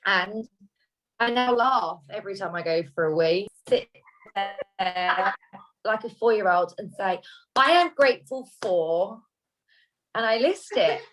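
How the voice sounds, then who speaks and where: A woman's voice: mid-range voice, unhurried, long pauses, poor audio. A woman on a video call sharing a heartfelt personal story in a rambling, self-correcting way.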